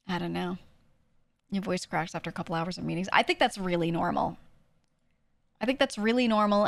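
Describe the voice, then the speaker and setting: Woman streamer, fast casual chatter, slight vocal fry, dry close sound. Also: on the low side, dry recording. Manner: quick, chatty talker; relaxed and conversational, lightly projected for the mic. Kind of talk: casual chat answering a livestream chat.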